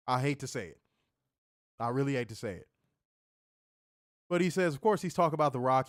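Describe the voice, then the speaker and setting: A man's voice: mid-range voice, dry recording, studio quality. Joking, swearing man reviewing wrestling. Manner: loose, joking, reads chat comments, summarizes show. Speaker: podcast co-host reviewing wrestling. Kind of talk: casual profane review chat.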